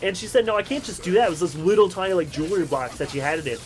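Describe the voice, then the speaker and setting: A man's voice: high-pitched, racing, faint music behind, poor audio. A young man hosting a gaming channel, telling rambling personal stories over his gameplay with frequent laughs. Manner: rambling and chatty, laughs often. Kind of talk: game commentary with personal stories.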